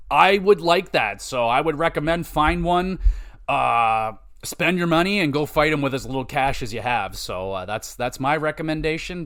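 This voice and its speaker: A man hosting a podcast, rambling casually and swearing as he retells game stories. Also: mid-range voice. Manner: rambling, profane, animated retelling with quoted voices. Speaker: podcast host. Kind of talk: casual game-review chat.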